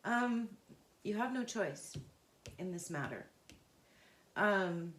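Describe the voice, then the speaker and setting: A woman gives an unscripted, intuitive tarot reading, earnest and emotionally invested, speaking haltingly and searchingly with pauses and restarts. Her mid-range voice is animated, and the recording is reverberant with slight background noise.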